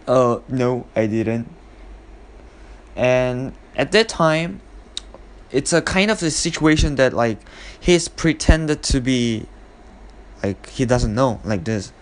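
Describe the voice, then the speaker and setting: A man hosting a casual English lesson, explaining an expression in halting, non-fluent English with many fillers and acted-out example lines. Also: mid-range voice. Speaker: host of an English expression podcast.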